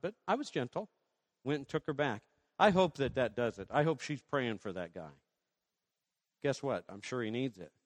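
A man preaching a sermon as pastor, swinging from loud rallying questions to soft asides. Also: fairly high pitch, in a large hall.

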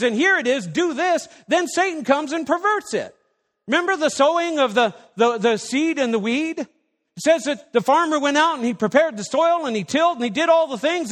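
A man's voice: extremely high pitch, fairly bright tone, in a large hall. A man preaching a sermon as a pastor, emphatic and firing rhetorical questions at the congregation.

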